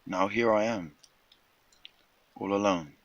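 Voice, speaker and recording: A man's voice: on the low side, slow pace, no room sound, muffled recording. A man telling a rambling made-up fish story in casual surfer slang, with little voices for the characters. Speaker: vlogger telling a tall tale.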